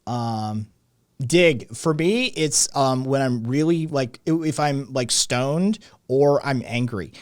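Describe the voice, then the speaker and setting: A man's voice: mid-range voice, slow, dry recording. Profane Southern Tennessee man, dry sound. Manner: swears constantly, animated. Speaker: podcast host. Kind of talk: casual profane chat.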